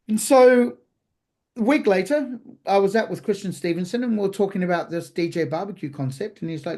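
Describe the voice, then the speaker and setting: A man's voice: sits high, quick pace. A man from New Zealand, a chef guest on a podcast, telling a story casually with profanity and acted-out dialogue. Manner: animated, profane, acts out quoted dialogue.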